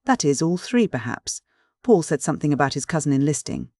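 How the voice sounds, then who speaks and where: A reader voicing an eager young wife who talks in a chatty, quick way in an audiobook. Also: female voice, low-pitched, sing-song, a little mellow, dry recording, clean studio sound, exaggerated voice. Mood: wondering. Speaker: character in an audiobook. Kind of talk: audiobook reading.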